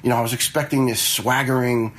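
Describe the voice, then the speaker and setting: A man's voice: mid-range voice, steady tone, a little fast, fairly bright tone, rough recording. A man in his fifties, a retired fire lieutenant, telling stories in a blunt, conversational way with some swearing. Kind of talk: casual storytelling.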